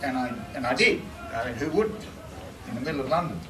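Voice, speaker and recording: A man's voice: mid-range voice, animated, fast. Man reminiscing at a memorial, echoey. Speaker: memorial speaker. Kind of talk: memorial speech. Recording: echoey and distant, noisy room.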